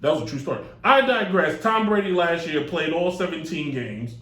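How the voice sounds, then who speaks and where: A man's voice: fairly high pitch, animated, fairly quick, a bit bright. A man hosting a live sports talk show, rambling and joking with lots of digressions into a desk mic. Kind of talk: casual live show monologue. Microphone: desk mic on a stand. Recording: echoey room.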